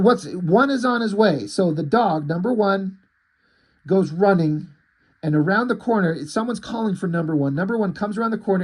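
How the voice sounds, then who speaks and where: A man's voice: sits high, a little mellow, breathy edge, low-quality recording. Rambling man recapping a comic. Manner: rambling, loose, swears casually, many "like"s. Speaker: comic book reviewer. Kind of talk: casual recap of a comic issue.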